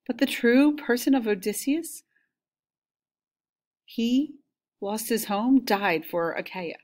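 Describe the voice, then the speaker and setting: A woman voicing a doubtful, careful queen, read aloud in a measured way. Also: on the high side, expressive, a little mellow, voice pushed up.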